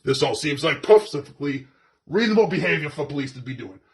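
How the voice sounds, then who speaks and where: A man's voice: a little high, expressive, fairly quick, breathy edge. A man playing a crude, foul-mouthed police officer, ranting sarcastically and profanely as he comments on video footage. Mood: sarcastic.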